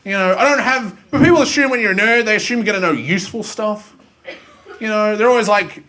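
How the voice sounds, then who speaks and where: A young Australian man doing a self-mocking stand-up comedy set, animated and full of silly voices, in front of a live school audience. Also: high-pitched, fast, a little hiss or hum. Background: faint audience ambience and laughter.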